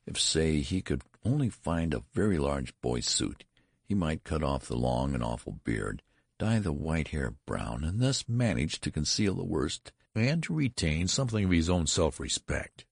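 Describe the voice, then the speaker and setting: A man narrating a story as an audiobook reader, in a measured, dry storytelling manner. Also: very deep voice, creaky, slightly rough, dry recording.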